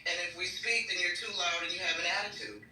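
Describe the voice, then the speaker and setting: A woman's voice: fairly low pitch, fairly even intonation, fast, pushed and bright, slight background noise. A woman in a casual chat giving emphatic, indignant commentary. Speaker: guest. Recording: roomy and distant.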